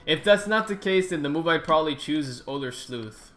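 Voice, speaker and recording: Here a man hosts his gaming channel, chatting in a rambling, relaxed way as he plays. He's excitable, groaning and swearing at the game readily, and his voice sits a little high.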